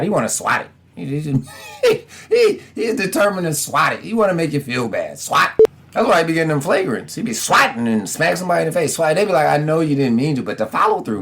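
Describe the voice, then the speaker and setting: A lively man talks sports on his podcast. He chats casually and slangily, and his voice sits a bit high. It swings widely in pitch as he laughs and mimics people. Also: slight background noise. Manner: animated, laughing, slangy, puts on quick voices for others. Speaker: podcast host.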